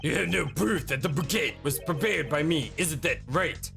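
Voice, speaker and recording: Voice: mid-range voice, moderate pace, gravelly, fairly bright tone, soft background music. A player putting on a haughty foreign ambassador. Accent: put-on foreign accent. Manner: haughty, dismissive. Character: arrogant foreign male ambassador under suspicion.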